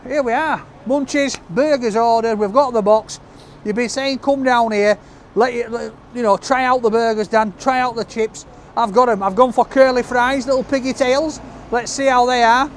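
A man's voice: extremely high pitch, fairly even intonation, moderate pace, a little hiss or hum. A middle-aged man with a Yorkshire accent, chatting casually as he reviews a takeaway, jokey and friendly. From Sheffield, England. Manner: chatty and jokey, calls people love. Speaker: food reviewer. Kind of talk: casual food vlog. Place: takeaway shop and street outside.

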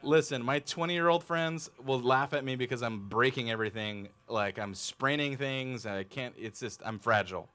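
A man in his thirties preaching a sermon in a church, animated and conversational, often asking the congregation questions. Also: medium pitch, moderate pace, hardly any pauses. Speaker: pastor.

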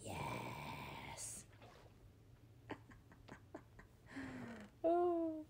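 Excitable young woman gamer, lively pitch. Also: very slow, creaky, slight background noise. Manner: excitable, swings from muttering to shouting. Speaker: gaming video creator. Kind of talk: casual gameplay commentary.

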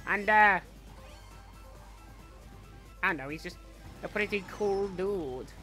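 A man's voice: high voice, slow, bright, forceful tone, soft background music, exaggerated voice. A man voicing a cocky, greedy young male villain, chatting boastfully through in-character gameplay commentary. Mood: playful. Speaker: fan voice actor playing a character.

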